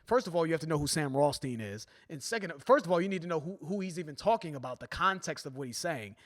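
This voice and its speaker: A man's voice: on the high side, fast. A man hosting a music reaction video, talking casually and animatedly, often checking in with "right?" and re-rapping lines for emphasis. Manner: animated, keeps asking "right?" and "you know what I'm saying?"; quotes and re-raps lyrics with emphasis.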